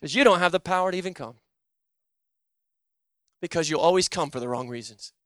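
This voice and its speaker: Intense high-voiced preacher man. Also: brisk, dry recording, studio quality. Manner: swings from loud urgent pleading to quiet low intensity. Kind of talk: sermon with personal testimony.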